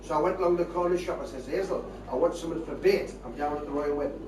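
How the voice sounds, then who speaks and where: This stand-up comedian, an older man with a Geordie accent, talks fast in a fairly high voice, rambling through comic tall tales with a broad northern lilt. Captured live on stage, the sound is echoey and distant, and audience laughter fills the noisy background.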